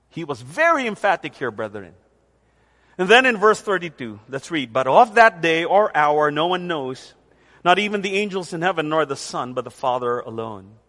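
A high-pitched man preaching with emphatic force, stretching out key phrases slowly for weight. His voice carries a long reverb, as if in a large hall. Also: fairly bright tone. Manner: emphatic, with slow stressed phrases. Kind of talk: sermon.

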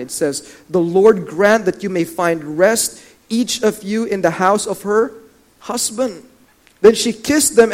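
High-voiced male preacher, dramatic delivery. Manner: rises and drops in volume for emphasis, asks the listeners questions; acts out the voices of biblical figures. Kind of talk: sermon.

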